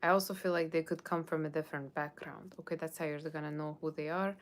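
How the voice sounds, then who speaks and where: This tarot reader talks fast in a low voice with fairly even intonation, giving a chatty, rambling live reading. She reads viewers' comments aloud and answers them in a playful Halloween character voice, frequently dropping "okay?" and "like".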